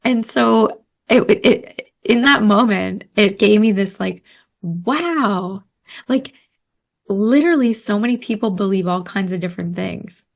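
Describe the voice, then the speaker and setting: A woman telling a story in casual podcast chat, animated, laughing often and using many fillers. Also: mid-range voice, a little slow, gravelly. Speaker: podcast guest.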